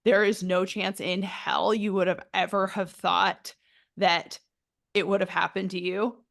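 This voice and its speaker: Tearful, gravelly-voiced woman podcast host. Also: mid-range voice, level tone, a little slow, a bit bright. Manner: emotional, tearful, blunt with swearing. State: in tears. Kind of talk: candid interview chat.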